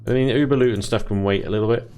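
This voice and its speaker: A man casually commentating his strategy game play, chatty, self-deprecating and quick to laugh. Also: fairly low pitch, darkish tone, faint music behind. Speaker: let's play host.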